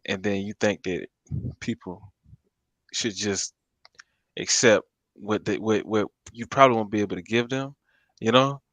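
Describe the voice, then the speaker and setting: A man's voice: on the low side, fairly even intonation, unhurried, pauses often, a bit bright, no room sound. A man chiming in on a casual discussion as co-host, laid-back and thoughtful, letting his phrases trail off.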